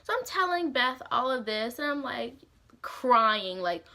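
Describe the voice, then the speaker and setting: A woman's voice: a little high, unhurried. A young woman vlogger telling a story in casual, slangy, profane talk, with lots of "like". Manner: animated, slangy and profane, heavy use of "like".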